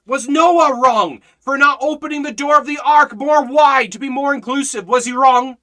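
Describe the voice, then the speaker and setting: Fiery high-voiced male preacher. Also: normal speed. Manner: exhorting, repetitive rhetorical questions; swings between loud shouting and low intensity. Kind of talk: fiery sermon.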